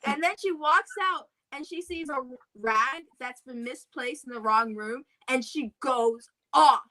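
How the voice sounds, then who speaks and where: A young woman, the host's daughter, chatting casually and telling animated, mocking family stories. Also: high voice, unhurried, rough recording. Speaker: daughter of the host, co-guest. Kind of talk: casual storytelling chat.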